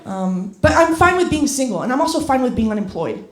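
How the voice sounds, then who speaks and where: A young woman in her twenties doing a stand-up set, rambling and self-deprecating, swearing freely and jumping into loud acted asides. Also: fairly high pitch, big pitch swings, fairly quick. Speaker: stand-up comedian. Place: comedy club stage with a laughing audience. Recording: roomy club sound with crowd laughter.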